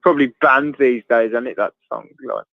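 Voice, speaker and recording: A man's voice: medium pitch, creaky, no room sound. Joking man on a tinny call. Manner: crude joking, laughs often, halting with fillers. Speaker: guest on a livestream chat. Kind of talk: casual banter. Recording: tinny phone-like video call audio, dry.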